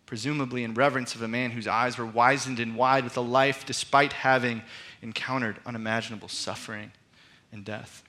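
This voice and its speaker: A man delivers a sermon with a bright, forceful edge to his voice. He speaks as a pastor, earnest and reflective, stretching key phrases for weight. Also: mid-range voice. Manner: earnest, reflective storyteller who slows down for emphasis.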